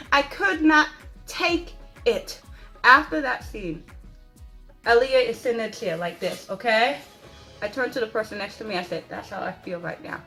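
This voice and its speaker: A woman giving an excited, dramatic spoken movie review, stressing points with repeated rhetorical questions. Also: on the high side. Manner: dramatic, emphatic, repeats "okay?" for emphasis.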